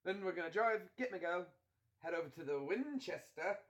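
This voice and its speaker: A man's voice: sits high, expressive, moderate pace, dull audio. A man putting on an as a laid-back bloke who keeps repeating his plan to wait things out at the pub. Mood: scheming. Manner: chanting a plan over and over.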